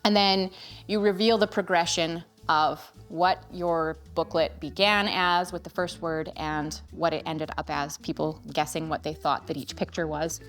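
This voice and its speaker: A woman's voice: low-pitched, steady tone, measured pace, fairly bright tone. A woman in her thirties talking to camera as a parent, recommending gifts in an earnest, chatty way. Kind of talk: casual review vlog. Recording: faint music behind.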